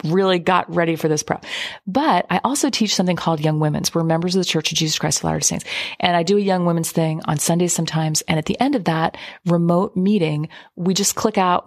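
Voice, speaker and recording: A woman's voice: lowish voice, no room sound, studio quality. A middle-aged woman hosting a podcast, telling a personal story in a chatty, emotional way and laughing often. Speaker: podcast host. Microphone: remote recording.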